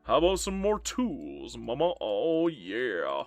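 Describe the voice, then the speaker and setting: A man's voice: mid-range voice, huge pitch swings, takes it slowly, hardly any pauses, dry recording, soft background music. A man streaming a strategy game live, chatting casually to himself and his viewers, swearing and joking as he plays. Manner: chatty, talks to himself and chat, swears and jokes. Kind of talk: live gameplay commentary.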